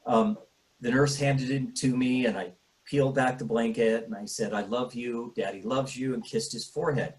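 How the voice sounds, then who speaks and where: A middle-aged man, a grieving father, speaking in a halting way with many pauses and restarts, choked up and tearful at times. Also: medium pitch, fairly even intonation, poor audio. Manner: halting, full of fillers and restarts. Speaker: bereaved father. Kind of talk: emotional personal interview.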